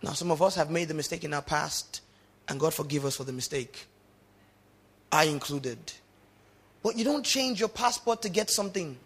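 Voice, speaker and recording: A man's voice: a little high, animated, moderate pace, long pauses, a bit bright, slightly rough. A man preaching a sermon in church, calling out to the congregation and urging them to repeat his words. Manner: emphatic call-and-response preaching. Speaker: pastor.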